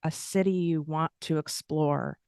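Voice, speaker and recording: Woman, self-help host; earnest, repetitive affirmations; smooth, dry close sound. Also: deep voice, fairly even intonation, a little slow, a little mellow, no room sound. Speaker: host and money coach. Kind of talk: motivational self-help talk.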